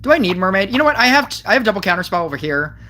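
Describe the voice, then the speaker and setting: A woman's voice: medium pitch, sing-song, very fast, pushed and bright. A woman giving casual gameplay commentary, thinking aloud as she plays and often correcting herself. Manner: thinking aloud, frequent restarts and self-corrections. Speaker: mobile game player.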